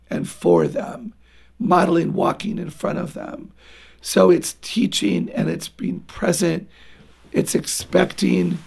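A woman's voice: fairly low pitch, vocal fry, darkish tone, husky. A woman speaking as a guest on a parenting interview, earnest and emphatic as she urges parents on. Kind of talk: radio interview talk.

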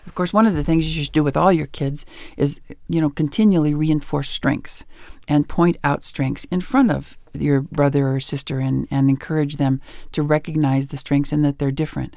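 A woman's voice: low voice, moderate pace, no room sound, clean studio sound. A middle-aged woman, an author and educator, giving parenting advice in a radio interview and acting out bits of dialogue as she tells stories. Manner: animated storyteller who acts out dialogue.

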